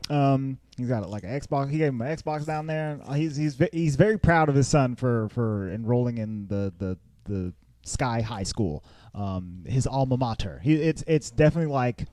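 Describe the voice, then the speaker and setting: Man, podcast host, casual movie chat, dry close sound, quick laughs, goofy character voices. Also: expressive, dark tone, no room sound. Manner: laughs often, acts out characters in high silly voices.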